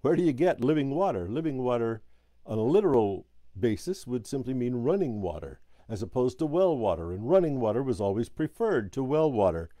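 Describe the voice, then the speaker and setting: Mellow-voiced man teaching scripture. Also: medium pitch, sing-song, no echo. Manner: measured, explanatory, pauses to correct slips. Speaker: Sabbath School teacher. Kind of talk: scripture reading with commentary.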